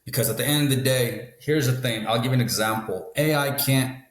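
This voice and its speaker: A man's voice: mid-range voice, a little fast. A man talking as a guest about the car business, matter-of-fact, often adding "right?" at the ends of sentences. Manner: matter-of-fact, leans on tag questions like "right?". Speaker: guest, car dealership expert. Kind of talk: casual interview talk. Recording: roomy echo.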